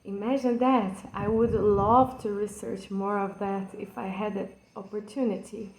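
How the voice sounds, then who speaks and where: On her channel, a woman from Brazil gives a slow, earnest explanation of a poem in English, her second language, with a Brazilian Portuguese accent. Her mid-range voice holds a steady tone at an unhurried pace, and she sounds passionate but hesitant, full of fillers and restarts. The audio is poor and reverberant.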